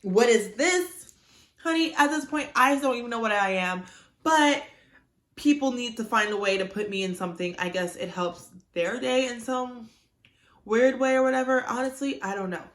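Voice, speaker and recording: A woman's voice: fairly high pitch, normal speed. A young woman vlogging at home to her phone camera, candid and chatty with exasperated asides. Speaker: YouTuber. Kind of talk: casual vlog talk to camera. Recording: echoey room.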